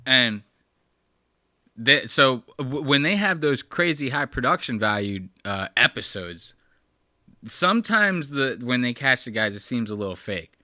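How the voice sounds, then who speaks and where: Crude, animated male commentator. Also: medium pitch, unhurried, no room sound, clean studio sound. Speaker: host. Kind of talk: casual video commentary.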